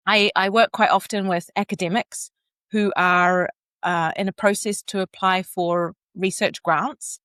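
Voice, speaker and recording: Woman, coach guest; expressive, dry booth sound. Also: mid-range voice, measured pace, smooth, no echo. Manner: expressive, demonstrates vocal inflection. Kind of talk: podcast interview.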